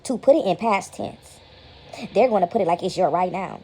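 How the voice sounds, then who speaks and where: A woman's voice: medium pitch, expressive, fast, gravelly, a little mellow, breathy edge. A woman at home giving casual spiritual commentary to her viewers, rambling and repeating herself and slipping into mocking voices. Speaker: vlogger. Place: at home, sitting back among laundry.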